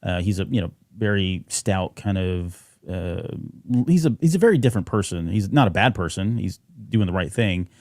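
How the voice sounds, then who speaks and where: Low, mellow-voiced man chatting casually. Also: expressive, moderate pace, no room sound, clean studio sound. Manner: rambling, many fillers and restarts. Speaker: podcast co-host. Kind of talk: casual fan podcast chat.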